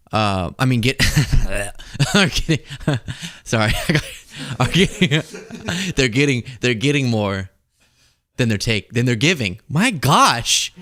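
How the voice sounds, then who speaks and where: A man's voice: mid-range voice, fairly bright tone, no room sound, studio quality. A man hosting a casual political commentary show, joking and laughing often. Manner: laughing, loose, swearing for comic effect.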